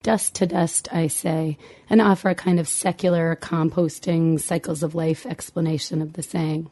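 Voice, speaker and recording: Woman, middle-aged, memoir audiobook narration, dry wry humor, warm lowish voice. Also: fairly even intonation, normal speed.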